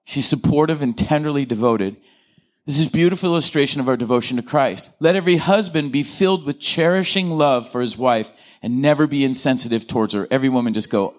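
A male pastor preaching a lively sermon, joking with the congregation and asking them to answer back. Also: fairly high pitch, fairly quick. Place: church.

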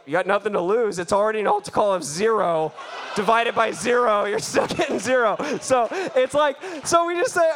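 Guy preaching, high voice, super animated storytelling, laughs a lot. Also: a little fast. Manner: animated, laughing, acts out his own reactions. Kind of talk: sermon storytelling.

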